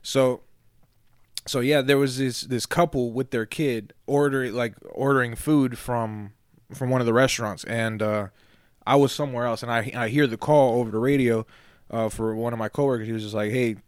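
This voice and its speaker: A young man co-hosting a podcast, telling stories in relaxed casual chat, swearing often and repeating himself. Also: medium pitch, normal speed, clear, resonant tone, no room sound, clean studio sound. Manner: laid-back storytelling, swearing, repeats "you feel me". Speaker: podcast co-host.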